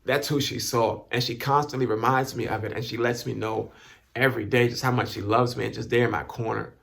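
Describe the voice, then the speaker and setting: A man with a rough, gravelly edge to his voice talks straight to camera. He stops and restarts often and repeats words as he works through strong feeling. He sounds close to tears, his pitch sitting in the middle range. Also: steady tone, brisk, a bit bright. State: emotional, near tears. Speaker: vlogger giving thanks. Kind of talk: emotional personal talk to camera.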